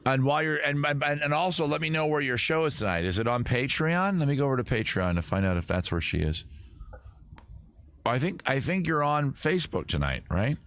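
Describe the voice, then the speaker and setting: A man's voice: medium pitch, animated, a little fast, a bit bright, dry recording. A man from Maryland hosting a casual livestream, rambling and joking as he reads viewer comments aloud. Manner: rambling, jokey, talks to chat and guests. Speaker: livestream host.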